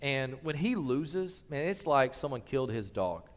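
A man in his thirties preaching a sermon in a large church hall, swinging from loud appeals to soft pleading. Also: mid-range voice, very animated, unhurried. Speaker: pastor. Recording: long hall reverb.

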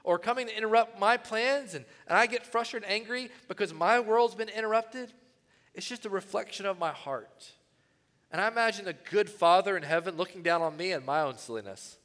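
Male pastor, bright and forceful tone, animated sermon delivery, long hall reverb. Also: high-pitched, fairly quick. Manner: animated preaching, swings from loud to hushed.

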